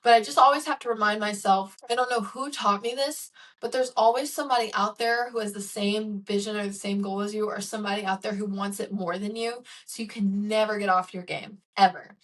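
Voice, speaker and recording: Young woman, mid-pitched podcast host, reflective and candid solo monologue. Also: steady tone, fairly quick, few pauses, fairly bright tone, distant mic. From Chicago. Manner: earnest and candid, many "like" and "um" fillers.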